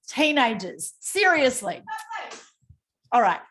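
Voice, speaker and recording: A woman's voice: sits high, sing-song, extremely slow, fairly bright tone. A woman hosting a team video call, talking in a bubbly, effusive way and laughing often. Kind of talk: casual video call presentation.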